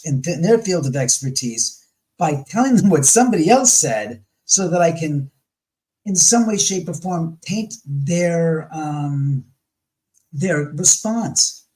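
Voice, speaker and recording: A man as an interview guest, telling stories in a rambling, animated way and often correcting himself mid-sentence. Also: fairly high pitch, low-quality recording. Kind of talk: casual storytelling interview.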